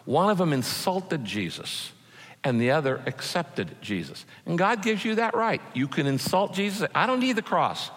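A man's voice: fairly high pitch, sing-song, normal speed. A man preaching a sermon as pastor, emphatic and repeating his key phrases. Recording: echoey hall with long reverb.

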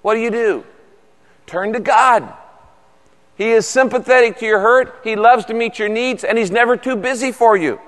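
A middle-aged male pastor giving an animated, folksy sermon with humor to a large congregation. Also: very high voice, moderate pace. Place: large church hall. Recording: long reverb of a big hall.

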